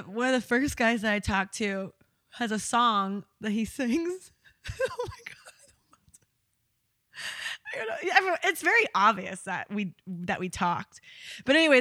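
Bright-voiced woman telling candid stories. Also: mid-range voice, no room sound, clean studio sound. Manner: candid, bawdy storytelling with frequent laughter. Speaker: podcast co-host. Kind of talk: casual chat.

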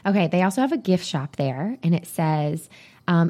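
A woman's voice: lowish voice, lively intonation, normal speed, warm tone. A woman co-hosting a podcast, chatting casually and rambling as she reads items off a list. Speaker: podcast co-host. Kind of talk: casual chat.

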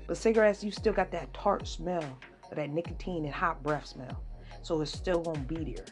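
A young woman hosting her own podcast in a casual solo rant, brash and swearing, with sudden high-pitched outbursts. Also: normal speed, soft background music. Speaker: podcast host.

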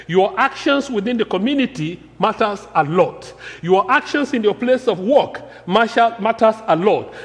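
A man's voice: high voice, animated, normal speed, few pauses, in a large hall. A man from Africa preaching a sermon, earnest and emphatic, repeating key phrases. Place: church.

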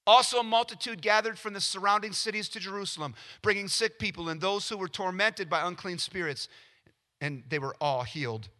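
Guy preaching a sermon, super bright voice, kinda high, acts out little scenes. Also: fairly quick. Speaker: pastor.

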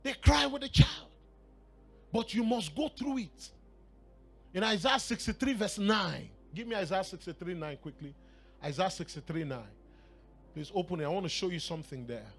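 Nigerian male preacher, high and expressive, storytelling sermon, faint music under. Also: moderate pace, husky. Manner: storytelling with bursts of laughter and shouted exclamations.

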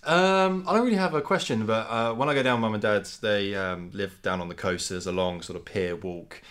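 A man co-hosting a casual podcast chat, relaxed and a little hesitant, with frequent fillers. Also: on the low side, brisk, clear, resonant tone. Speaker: podcast co-host.

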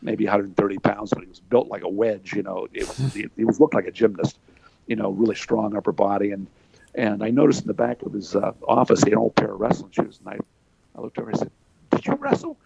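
A man's voice: lowish voice, steady tone, fast, vocal fry, warm tone, breathy edge, no echo, highs cut off. An older man from Pennsylvania, telling stories in a folksy way with lots of fillers. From Pennsylvania, USA. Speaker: interview guest, former wrestler. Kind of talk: storytelling in casual chat.

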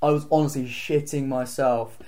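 A man's voice: medium pitch, steady tone, dark tone. A young man telling a frank story in casual chat, laughing often and acting out what he said back then. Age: young adult. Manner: rapid, laughing, frank, acts out his own quotes. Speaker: podcast co-host.

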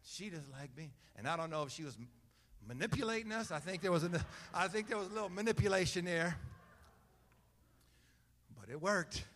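A man's voice: high-pitched, fast, a bit bright, in a large hall, slight background noise. A man preaching a sermon as pastor, repeating phrases and building in energy.

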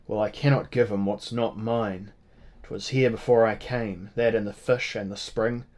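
A man's voice: lowish voice, steady tone, moderate pace, darkish tone, close to an everyday voice. A man voicing a proud Irish tavern keeper with an Irish accent, speaking with stern dignity.

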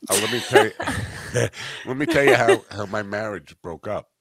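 A man in his fifties talks with a low voice that still rings bright and forward. He hosts a casual podcast and keeps breaking off his stories to laugh at them. His voice sounds dry and close. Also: normal speed, slightly rough, no room sound. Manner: rambling, self-interrupting storyteller who laughs at his own stories. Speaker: podcast host. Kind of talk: casual chat, storytelling.

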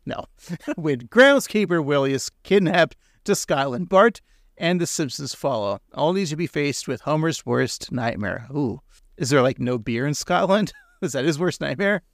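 A man's voice: fairly high pitch, expressive, normal speed, no echo, studio quality. A man co-hosting a casual podcast, rambling and joking, laughing often. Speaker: podcast co-host.

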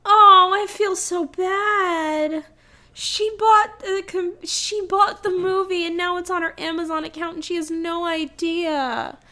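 Brief: high-pitched woman, animated and ranting, casual podcast co-host. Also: slow pace. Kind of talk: casual chat.

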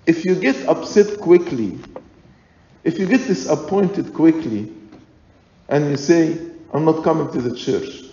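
Slow, mellow-voiced male preacher in an echoey hall. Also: on the high side, gravelly. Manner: slow, deliberate, emphatic, with repeated phrases. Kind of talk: sermon. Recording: echoey hall, dull lo-fi sound.

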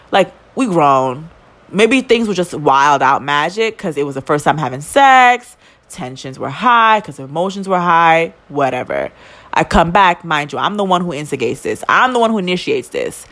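A young woman, telling a story in casual chat as a podcast co-host, profane and quick to indignation. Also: on the low side, a bit bright.

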